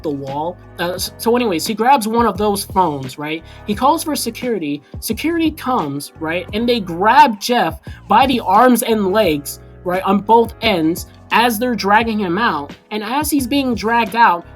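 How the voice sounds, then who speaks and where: Young woman telling a story time. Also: mid-range voice. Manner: animated, casual slang storytelling. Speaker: vlogger.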